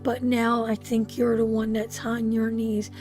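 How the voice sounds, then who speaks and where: A woman's voice: a little high, level tone, unhurried, a little mellow, faint music behind. A woman giving a live tarot reading, emotional and repetitive, calling the listener sweetheart. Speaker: tarot reader.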